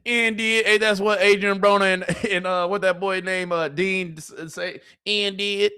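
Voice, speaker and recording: A man hosting a live watch party. He gives excited fan commentary on a football game, laughs often, and keeps talking to his chat. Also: sits high, normal speed, smooth.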